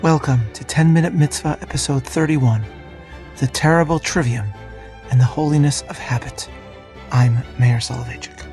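A man, a rabbi, hosting a scripted podcast lesson and reading in a measured, deliberate way. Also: on the high side, fairly even intonation, music in the background.

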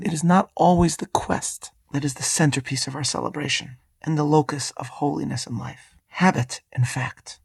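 A man, a rabbi, hosting a scripted podcast lesson and reading in a measured, deliberate way. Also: fairly high pitch, creaky, breathy edge, dry recording, studio quality.

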